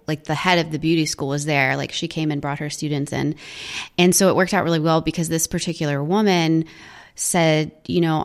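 A woman with a low voice and a gravelly, fry-heavy edge talks casually in a studio. She rambles warmly through stories, leaning on "um" and "like" and acting out what people said. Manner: chatty, filler-heavy, quotes people. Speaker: guest, charity event organizer. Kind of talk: casual storytelling interview.

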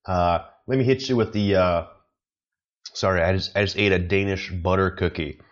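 A deep-voiced man from the States hosts a rambling solo comedy podcast. He wanders off topic, fills gaps with "you know," and chuckles at his own jokes. The recording is muffled and lo-fi. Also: fairly even intonation, normal speed. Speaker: podcast host, amateur comedian. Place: apartment in China.

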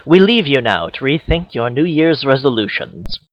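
A man's voice: mid-range voice, big pitch swings, normal speed, dull audio. A man co-hosting a casual comedy podcast, joking and rambling through his points with restarts and mock quotes. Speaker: podcast co-host.

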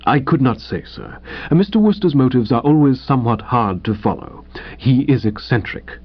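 A man reading as a suave, imperturbable manservant, quiet and deferential, with a lilting, lively delivery. The audio is dull and lo-fi, as from an old audiobook. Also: medium pitch, normal speed, husky. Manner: soft, unruffled and deferential. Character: suave, imperturbable middle-aged male valet.

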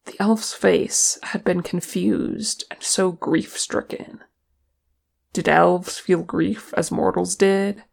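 A reader narrating a fan fiction story in a steady, measured way. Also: medium pitch, vocal fry. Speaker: audiobook reader.

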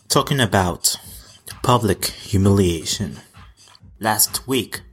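A man in his twenties giving casual pop-culture commentary in a sassy, campy way, swearing freely. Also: fairly low pitch. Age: 20s. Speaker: vlogger.

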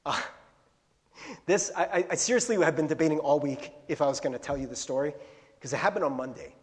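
A middle-aged male pastor preaching a casual, storytelling sermon, chatty and laughing, breaking into bursts of yelling as he retells his own anecdotes. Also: fairly high pitch, fast talker. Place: church sanctuary. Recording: long hall reverb.

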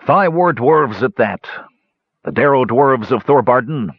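A man's voice: medium pitch, expressive, unhurried, slightly rough, no echo, voice pushed up. A man voicing a friendly, gossipy male dwarf traveler, in a raised and eager voice. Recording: dull, dry close recording.

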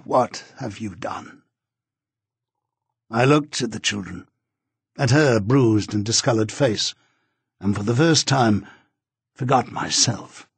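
A man narrating a novel as an audiobook in a measured, grave reading. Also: mid-range voice, slightly rough, dry recording.

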